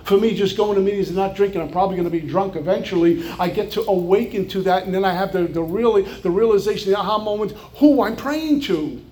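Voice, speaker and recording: A man's voice: high voice, quick pace, few pauses, a little mellow. A man from New York with a New York accent, giving an earnest personal recovery testimony with flashes of wry humor. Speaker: recovery speaker.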